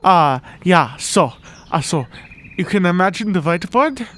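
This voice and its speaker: A man's voice: sits high, expressive, a little slow, a bit bright, a little hiss or hum. A man playing an eccentric, emotional music professor who rambles earnestly, with odd phrasing, in an improvised comedy interview.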